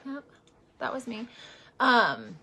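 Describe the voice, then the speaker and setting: This makeup vlogger and direct seller, a woman who sounds to be in her forties, rambles casually with plenty of fillers and grows earnest when talking about her faith. She speaks slowly in a fairly high, sing-song voice that is pushed and bright.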